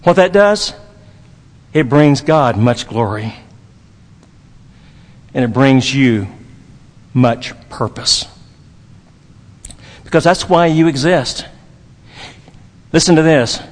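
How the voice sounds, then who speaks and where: A man's voice: medium pitch, lively intonation, slow pace, long pauses, long reverb tail. A man from Dallas, Texas, preaching a sermon as pastor, emphatic and repetitive, with folksy humor.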